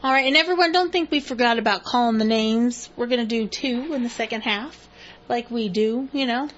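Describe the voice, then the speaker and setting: High-voiced chatty woman co-host. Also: dull audio. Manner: giggly, chatty, quick laughs. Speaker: co-host of local afternoon show. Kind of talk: casual studio chat.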